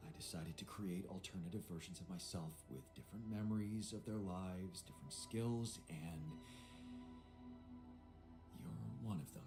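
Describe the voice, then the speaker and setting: An actor playing a calm male space engineer who made clones of himself, explaining things in a reassuring way in a video game. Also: sits low, moderate pace. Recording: game audio with music behind.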